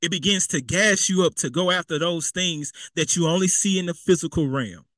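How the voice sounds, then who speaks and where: A man's voice: on the high side, brisk, fairly bright tone, no echo. Conversational male preacher, dry sound. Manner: conversational and repetitive, with spoken asides. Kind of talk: sermon.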